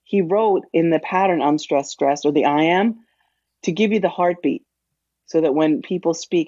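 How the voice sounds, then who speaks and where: A middle-aged woman with a fairly low voice, once an English teacher, talking as a podcast guest. She explains like she is still in front of a class, blunt and emphatic, and swears freely. Her audio is dry and a little muffled, like a remote call. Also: normal speed, dark tone, no room sound. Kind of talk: casual podcast chat.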